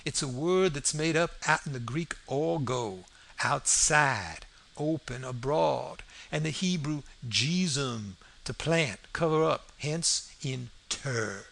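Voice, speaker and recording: Man reading as an old male swindler, pompous, rambling, gravelly, mid-pitched. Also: slow, fairly bright tone, heavily acted. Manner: pompous, rambling, self-satisfied. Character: smug old male con man posing as Englishman.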